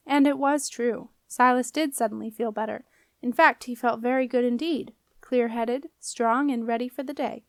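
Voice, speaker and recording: A woman reading a children's fantasy novel aloud in an even, measured storytelling voice. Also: on the high side, dry recording. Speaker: audiobook reader. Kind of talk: audiobook narration.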